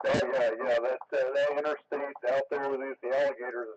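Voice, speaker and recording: A man chatting casually on a ham radio net, halting often with fillers. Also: mid-range voice, little pitch movement, background noise. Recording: muffled radio audio.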